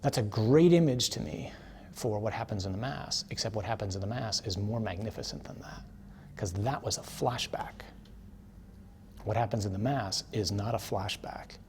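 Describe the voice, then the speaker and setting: A man giving a conversational teaching sermon, telling a story with casual tag questions and building to forceful emphasis. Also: on the low side, moderate pace, a little hiss or hum.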